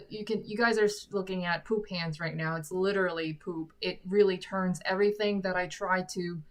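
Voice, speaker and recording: A woman's voice: on the low side, fairly bright tone. A woman with an American accent hosting a casual livestream Q&A from her room at home, chatty and self-deprecating, speaking into a sock-covered microphone. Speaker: singer and livestream host.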